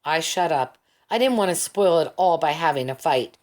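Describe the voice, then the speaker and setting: Calm woman reading an audiobook. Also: low voice, normal speed. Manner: calm, steady storytelling. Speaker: audiobook reader. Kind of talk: audiobook narration.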